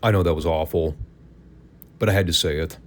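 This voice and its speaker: Deep-voiced sarcastic man reviewing wrestling. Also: a little fast. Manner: sarcastic, opinionated. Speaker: podcast host. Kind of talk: casual wrestling review commentary.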